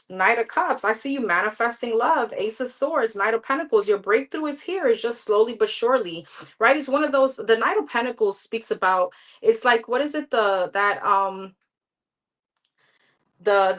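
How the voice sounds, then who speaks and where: A woman's voice: medium pitch, a bit bright, low-quality recording. A woman giving live tarot readings in a candid, chatty way, talking straight to her viewers. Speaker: tarot reader.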